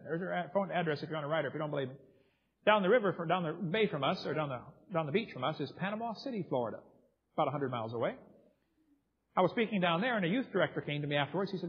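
A man giving a seminar, telling stories vividly and reading eyewitness accounts aloud. His voice sits a little high and sounds husky. The recording is dull, with long reverb from a hall. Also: animated, very fast. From United States. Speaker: seminar speaker. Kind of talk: lecture storytelling.

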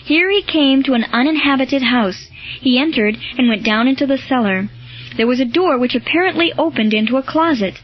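Brief: female audiobook narrator, high pitch, steady, lo-fi recording. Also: a little fast, soft background music. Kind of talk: scripted narration.

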